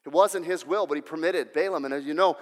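Brief: excitable male preacher, high voice, reverberant hall. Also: quick pace. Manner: restless, repeats words, builds to shouting. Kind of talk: sermon.

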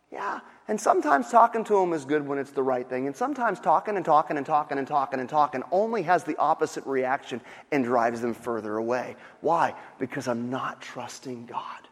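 Male pastor preaching in a reverberant hall. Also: fairly high pitch. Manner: dynamic preaching, acts out panicked voices. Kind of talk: sermon. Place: church sanctuary.

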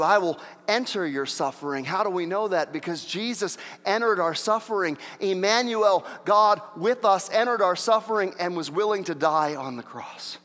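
A man preaching a sermon as pastor, swinging from emphatic, rising repetition to quieter, intimate explanation. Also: high-pitched, big-room sound.

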